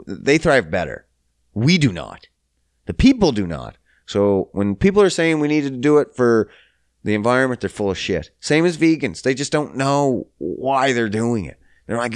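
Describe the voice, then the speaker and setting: A man giving a heated, profane ranting monologue, blunt and quick to swear. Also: medium pitch, no echo, clean studio sound.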